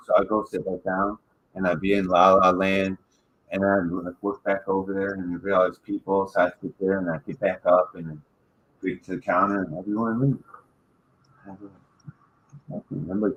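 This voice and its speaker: A man's voice: deep voice, a little hiss or hum, low-quality recording. A man from Michigan hosting a casual podcast, telling rambling, profanity-filled stories. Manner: profane, rambling, animated storytelling. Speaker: podcast host. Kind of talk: casual storytelling chat.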